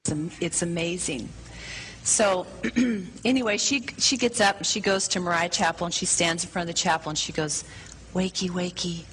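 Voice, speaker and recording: A woman's voice: fairly low pitch, moderate pace, a bit bright, slight background noise, rough recording. A woman preaching, telling a story to a congregation in an enthusiastic, breezy manner. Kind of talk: sermon storytelling.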